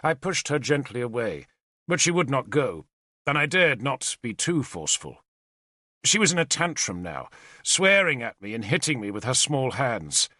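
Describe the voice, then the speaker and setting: Bright, lively male audiobook narrator. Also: medium pitch, normal speed, no echo, studio quality. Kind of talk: first-person audiobook narration.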